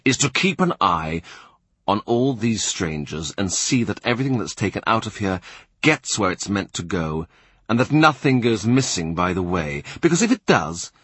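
A man voicing a blunt, sharp-tongued male adviser who gives brisk orders. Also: on the low side, slightly rough, no echo.

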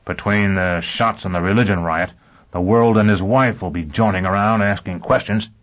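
A man's voice: fairly low pitch, moderate pace, close to an everyday voice. A man voicing a hard, terse male spaceman who gives clipped orders in an audiobook, on a dull lo-fi recording. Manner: grunting, clipped commands. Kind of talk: audiobook character voice.

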